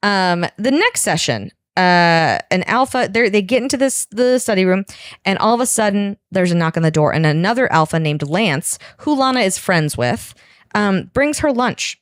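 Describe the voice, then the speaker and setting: A woman's voice: mid-range voice, animated, normal speed, no room sound, studio quality. A woman co-hosting a podcast, retelling a story in casual chat and acting out the characters' lines.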